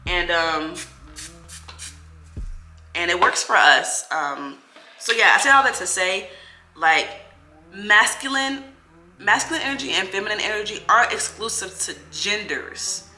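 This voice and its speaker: Bright-voiced young woman chatting to camera. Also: medium pitch, expressive, measured pace, long pauses. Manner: candid, talks straight to her viewers. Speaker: beauty vlogger answering viewer questions. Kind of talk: casual chat to camera. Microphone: camera mic while doing her hair. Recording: echoey room with faint music.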